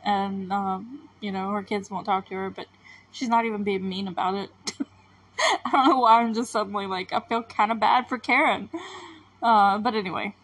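A woman's voice: mid-range voice, moderate pace, fairly bright tone, low-quality recording. A woman hosting a TV recap podcast, talking casually and rambling with lots of filler words. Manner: chatty and rambling, full of fillers.

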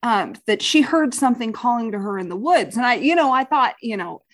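A woman's voice: a little high, expressive, brisk. A woman playing a chatty halfling adventurer. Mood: polite. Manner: polite, chatty, a bit rambling.

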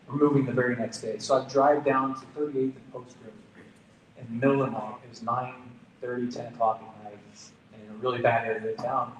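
A man's voice: mid-range voice, slight background noise. A man preaching as a pastor, telling a personal story in an earnest, conversational way. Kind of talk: storytelling sermon. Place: church gathering room. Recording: roomy, distant from the mic.

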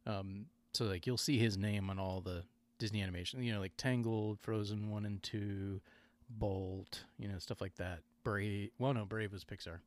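A man's voice: lowish voice, fairly even intonation, moderate pace. A man hosting a podcast in casual chat, rambling and digressing, often correcting himself mid-sentence. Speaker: podcast host.

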